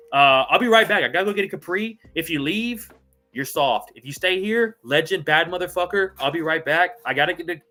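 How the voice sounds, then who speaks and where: Bright-voiced man ranting on a live stream. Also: a little high. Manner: profane ranting, then repeated apologies; calls viewers bro, brother, homie. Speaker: host of a live fight recap stream. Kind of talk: live stream chat reading viewer comments.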